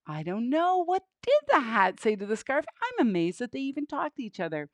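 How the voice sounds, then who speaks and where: A woman hosting a children's show, warm and encouraging as she cheers on the young viewers. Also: a little high, wildly swooping pitch, a little fast, few pauses, dry recording. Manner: warm, encouraging, upbeat with kids. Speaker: children's entertainer host.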